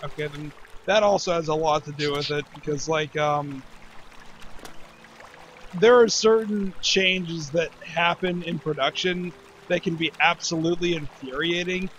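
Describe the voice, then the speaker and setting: A man's voice: fairly high pitch, a little slow, fairly bright tone, muffled recording, slight background noise. A man in casual let's-play chat, rambling and jokey as he plays. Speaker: game player and channel host.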